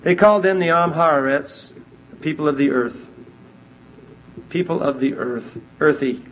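A man giving a verse-by-verse Bible teaching, emphatic and animated as he reads scripture aloud and explains it. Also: on the high side, normal speed, slight background noise. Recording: dull lo-fi recording.

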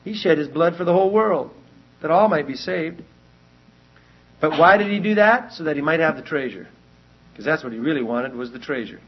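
A fairly high-voiced male Bible teacher with a husky edge to his voice. He lectures earnestly, hammering his main points through repetition and restarting phrases as he goes. The recording is dull and lo-fi. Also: animated, normal speed, pauses often. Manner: earnest, repeats key points, many restarts.

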